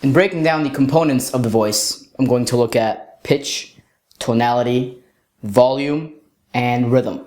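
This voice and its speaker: A young man coaching other men in a lesson-style talk, sometimes showing off high and deep voices. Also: a little slow, darkish tone. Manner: demonstrates voices, jumps to falsetto and deep tones. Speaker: dating coach. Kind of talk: instructional talk. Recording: roomy echo.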